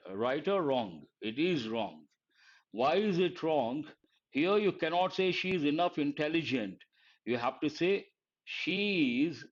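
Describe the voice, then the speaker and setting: Male teacher, higher voice, drills grammar with questions, dull lo-fi stream sound. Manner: quizzing students, repeating key phrases slowly. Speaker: English vocabulary teacher. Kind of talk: live online grammar lesson.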